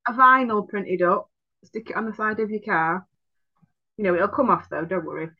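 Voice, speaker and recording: A woman's voice: medium pitch, normal speed, dull audio. A woman, co-hosting a casual chat in an easygoing, giggly way. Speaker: podcast co-host.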